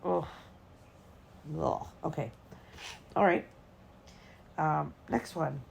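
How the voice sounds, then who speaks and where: A woman's voice: deep voice, drawn-out words, a little mellow, a little hiss or hum. A woman co-hosting a podcast, reacting with short squeamish interjections. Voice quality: gravelly. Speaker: podcast co-host. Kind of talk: casual chat.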